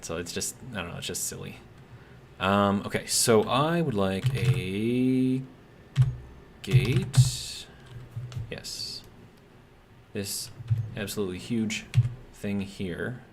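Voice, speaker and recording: Midwestern male streamer, lowish voice, loose rambling commentary, faint typing underneath. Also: slow, long pauses, a little hiss or hum. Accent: American Midwestern. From American Midwest. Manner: rambling, filler-heavy, bemused asides. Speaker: game streamer. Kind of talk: casual gameplay commentary.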